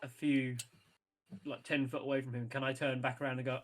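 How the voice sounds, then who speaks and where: A man's voice: mid-range voice, level tone, a little fast. A man playing in a tabletop game, hesitant and playful, stumbling over his words. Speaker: player. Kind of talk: tabletop role-play chat.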